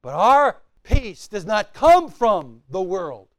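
A pastor preaching a sermon, swinging between loud emphatic lines and quiet dropped phrases, repeating key words for emphasis. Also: male voice, high voice, sing-song, slow, dry recording, clean studio sound.

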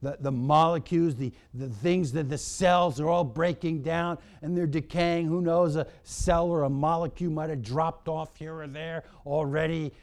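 A man preaching a sermon, swinging between hushed lines and shouted emphasis. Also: a little high, fairly even intonation, normal speed, hardly any pauses.

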